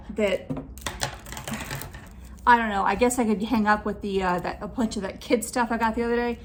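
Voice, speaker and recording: A woman's voice: medium pitch, noisy background. A woman unboxing a returns box on her vlog, talking in a snarky, annoyed way. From California.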